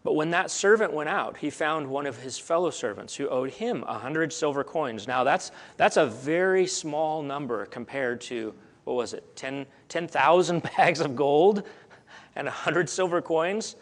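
A middle-aged male pastor preaching a sermon in a storytelling way, climbing to emphatic peaks and dropping soft again, and often repeating words as he thinks aloud. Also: fairly high pitch, expressive, unhurried.

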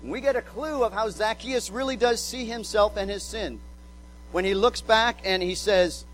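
A man's voice: high-pitched, normal speed, fairly bright tone, slight background noise, rough recording. A male pastor preaching a sermon, emphatic, repeating words as he drives points home and acting out quotes.

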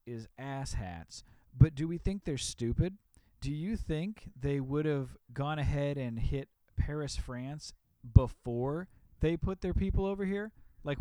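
A man's voice: fairly high pitch, warm tone, no room sound. A man co-hosting a podcast, chatting casually with hesitant, self-deprecating restarts. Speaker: podcast co-host. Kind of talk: casual chat.

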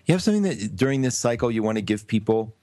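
A man hosting a live call-in radio show, chatty and effusive, breaking into quick laughs. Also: on the low side, animated, dark tone, dry recording.

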